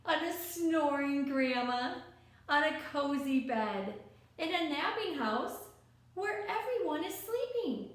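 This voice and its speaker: A woman reading a picture book aloud to children, gently coaxing and asking the listener questions as she goes. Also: high-pitched, lively intonation, slow pace. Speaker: storyteller. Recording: very echoey room.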